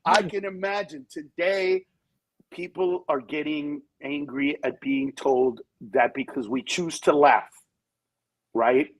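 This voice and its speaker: Husky guy w a fairly high voice, comedian on a talk show, animated storytelling. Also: slow pace, rough recording. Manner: animated storyteller who acts out voices in quotes. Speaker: guest comedian. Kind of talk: candid talk-show conversation.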